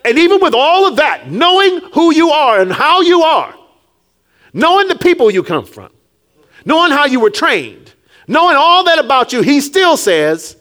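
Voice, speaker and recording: Animated high-voiced male preacher. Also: normal speed. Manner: animated, call-and-response, rises to shouts then drops low; acts out Jesus and Peter in quiet low tones. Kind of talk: sermon.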